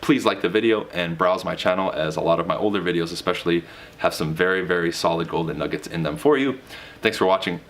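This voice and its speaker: Emphatic deep-voiced male sales coach. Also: fast, fairly bright tone. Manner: emphatic, swings pitch for emphasis; direct, casual with mild swearing. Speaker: real estate sales coach. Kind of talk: motivational teaching monologue.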